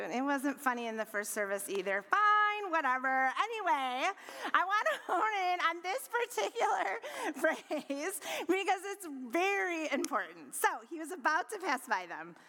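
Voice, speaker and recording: A woman preaching a sermon, expressive, rising to bright emphasis and dropping to low, quiet lines. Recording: long hall reverb.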